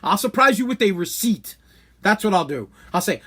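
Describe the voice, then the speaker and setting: A man's voice: sits high, very animated, normal speed, bright, forceful tone, breathy edge. A man in his thirties hosting a podcast, ranting bluntly in a brash, rambling comedic way. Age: 30s. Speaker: podcast host. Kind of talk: casual comedic rant.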